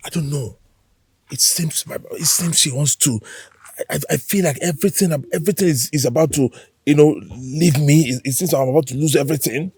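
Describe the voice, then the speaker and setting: A hurt, stammering shop owner, Nigerian-accented. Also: male voice, on the high side, breathy edge, no room sound. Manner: shouts in anger, stammers when scared. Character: proud hurt male shop owner, scared. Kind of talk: film drama acting.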